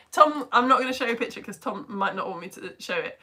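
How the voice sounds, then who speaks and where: A British woman, a physics teacher, chatting brightly on a live-stream lesson and hopping between asides. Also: mid-range voice, expressive. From United Kingdom. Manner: bubbly, chatty, jumps between topics, quick asides. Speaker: physics teacher and livestream host.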